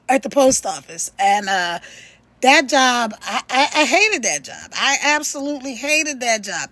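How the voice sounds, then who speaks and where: Middle-aged woman, high voice, dry close sound, animated live-stream chat on a phone. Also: no room sound, poor audio. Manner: chatty, animated, laughs through her story. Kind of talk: casual storytelling on a live stream. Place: at home, later walking in her backyard.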